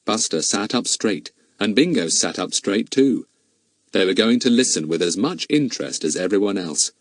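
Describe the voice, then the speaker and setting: A man narrating a children's audiobook with expressive storytelling. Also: fairly low pitch, normal speed, dry recording. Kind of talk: scripted narration.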